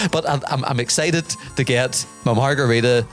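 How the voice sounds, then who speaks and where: A man from Northern Ireland with a Northern Irish accent, co-hosting a podcast in playful, excitable casual chat. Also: medium pitch, normal speed, faint music behind. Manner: playful, excitable, keeps addressing his co-host by name. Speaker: podcast co-host.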